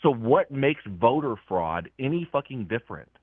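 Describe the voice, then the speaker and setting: A man's voice: medium pitch, sing-song, normal speed, dry recording. A young man calling into a live show, arguing angrily and swearing as he insists on finishing his point. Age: young adult. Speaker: caller. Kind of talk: heated call-in argument. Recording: tinny phone line.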